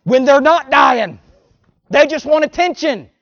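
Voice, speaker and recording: A man's voice: very high-pitched, animated, unhurried, no room sound. A man preaching a sermon in a folksy, emphatic style, with sarcastic asides to his congregation, on a dull lo-fi recording.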